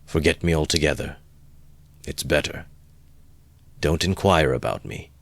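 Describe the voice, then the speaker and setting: A man with a very deep voice reading the lines of a feverish young man quietly and slowly, in a low mutter. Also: creaky, dry recording, exaggerated voice. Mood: grim. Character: feverish brooding young man, resolved and withdrawn.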